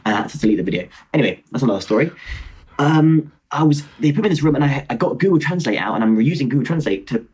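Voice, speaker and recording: Rambling young man, husky voice. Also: medium pitch, very fast. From Britain. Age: 20s. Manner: animated, rambling, self-mocking, many restarts and asides. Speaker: podcast guest, motorcycle traveller. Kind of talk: casual storytelling chat. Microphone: video call.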